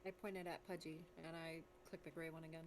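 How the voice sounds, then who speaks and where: A woman's voice: deep voice, flat delivery, quick pace, background noise. A woman speaking as a player in a tabletop game, wary and hesitant. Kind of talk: in-character tabletop chat.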